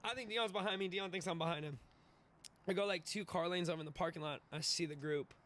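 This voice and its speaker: A young man in his twenties, a podcast guest telling a wild story in an animated, profane way, laughing and acting out the voices. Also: high-pitched, quick pace. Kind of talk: casual storytelling.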